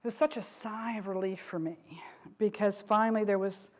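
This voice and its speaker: A woman's voice: mid-range voice, fairly even intonation, moderate pace. A middle-aged woman giving a lecture to an audience, speaking frankly and conversationally, with frequent asides and restarts. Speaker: speaker, former company vice president.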